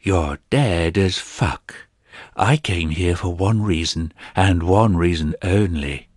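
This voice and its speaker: Menacing male fighter, voiced by a male narrator, slow low whisper, dry close audiobook sound. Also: darkish tone, no room sound. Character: murderous male fighter hissing threats.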